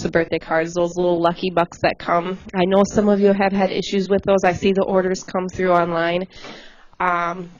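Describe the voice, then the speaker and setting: A woman volunteer coordinator talking casually and quickly to volunteers, chatty and laughing easily. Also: on the low side, muffled recording. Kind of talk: casual livestream address.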